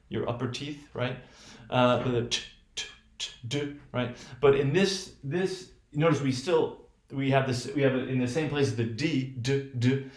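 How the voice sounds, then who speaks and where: A male teacher with a General American accent, lecturing on pronunciation, halting, restarting often and checking with "right?". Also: mid-range voice, darkish tone, echoey room. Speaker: phonetics teacher. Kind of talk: recorded remote lecture.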